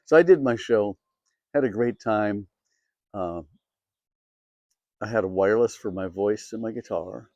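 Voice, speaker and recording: A man's voice: fairly low pitch, measured pace, pauses often, a little mellow, no room sound, highs cut off. A middle-aged man from Minnesota, a country singer and host, telling a story in a chatty, self-amused way with lots of fillers. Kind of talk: casual storytelling to camera.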